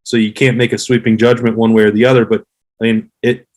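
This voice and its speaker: A man in his thirties, a guest on a sports podcast, giving measured, analytical views in casual chat. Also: medium pitch, flat delivery, low-quality recording. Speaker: podcast guest, former player.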